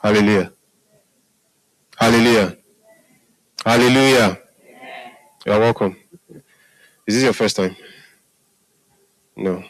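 Low-voiced preacher, conversational. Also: male voice, slow pace, pauses often, no room sound, poor audio. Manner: conversational, repeats "Hallelujah" and "are we together?" to the audience. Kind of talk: sermon.

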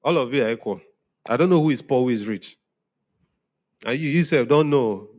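A man's voice: medium pitch, expressive, normal speed, darkish tone. Male pastor, conversational sermon delivery, mid-range voice, frequent check-ins with listeners. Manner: conversational preaching, often asking "are we together?". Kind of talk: sermon to young congregation.

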